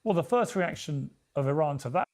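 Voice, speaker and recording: A man speaks as a news commentator in a slightly raised voice, choosing his words deliberately. His delivery stays grave and steady, with light fillers as he builds his point, in the manner of a television panel guest. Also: fairly high pitch. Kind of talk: measured political commentary.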